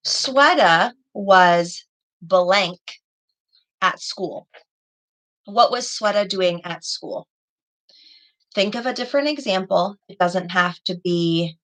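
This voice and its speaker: An elementary school teacher leads young kids through an online lesson on a video call, encouraging them patiently and calling out praise for students by name. Her medium-pitched voice has a slight brightness, and the recording quality is rough.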